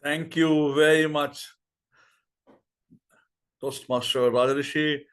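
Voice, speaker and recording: A man hosting a speaking-club meeting, enthusiastic and effusive, often halting and restarting. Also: on the high side, steady tone, a bit bright, smooth. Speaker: meeting master of ceremonies.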